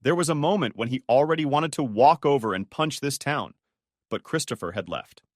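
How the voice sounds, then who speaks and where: A man reading out a dramatic story, his pitch rising and falling a lot as he tells it. it is recorded close to the mic and sounds very dry, with no room around it. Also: expressive, brisk, no room sound. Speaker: narrator. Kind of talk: scripted story narration.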